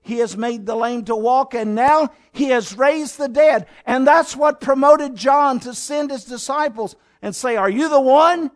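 High-voiced dramatic preacher man. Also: measured pace, hardly any pauses. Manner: dramatic, swinging from hushed to loud. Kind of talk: sermon.

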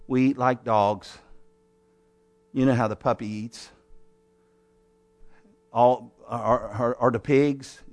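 A man preaching a sermon as pastor, telling the story dramatically and swinging between raised exhortation and quiet, close asides. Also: mid-range voice. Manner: dramatic storytelling, acting out scenes.

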